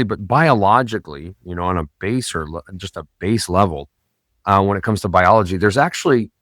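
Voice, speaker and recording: Man, podcast host, very low voice, dry close sound, rambling with fillers. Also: fairly bright tone, dry recording. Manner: rambling, many fillers and self-corrections. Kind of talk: casual podcast monologue.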